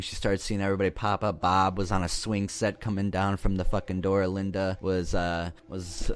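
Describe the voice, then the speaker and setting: A man recapping a horror film in a casual, rambling, profane way, joking as he goes. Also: sits low. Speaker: movie reviewer.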